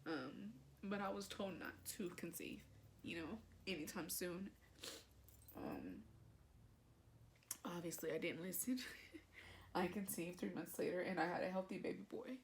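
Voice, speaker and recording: A woman's voice: fairly low pitch, animated, measured pace, gravelly, long pauses, a little hiss or hum. A young woman vlogger telling a personal story to camera in a chatty, emotional way, with lots of fillers.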